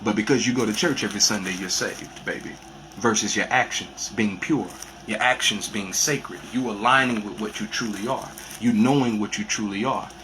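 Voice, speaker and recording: A man's voice: on the low side, moderate pace, bright, forceful tone, a little hiss or hum. A man giving an improvised spiritual monologue as a teacher, preaching in a repetitive way with street slang.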